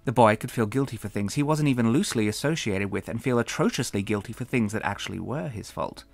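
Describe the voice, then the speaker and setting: A man narrating his own novel as an audiobook in a wry, expressive storytelling manner. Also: medium pitch, a little fast, gravelly, few pauses, no echo. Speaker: author and narrator.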